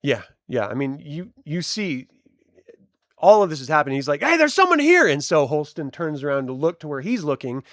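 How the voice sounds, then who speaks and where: A man running a tabletop game as game master, narrating with animated delivery and bursting into loud voices for minor characters. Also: fairly high pitch, normal speed, no echo, studio quality.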